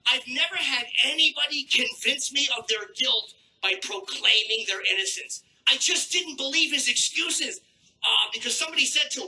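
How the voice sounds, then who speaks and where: A man doing a crude stand-up routine on a theater stage with a handheld mic, brash and mock-outraged, troubled by his throat and clearing it. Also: extremely high pitch, lively intonation, moderate pace, bright, forceful tone, low-quality recording. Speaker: stand-up comedian. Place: theater stage before a live audience.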